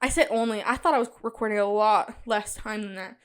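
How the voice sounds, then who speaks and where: A young woman in college hosting a casual solo podcast, talking chattily and animatedly straight to her listeners, with a loud cackling laugh. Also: medium pitch, a little fast, clean tone. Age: young adult. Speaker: podcast host.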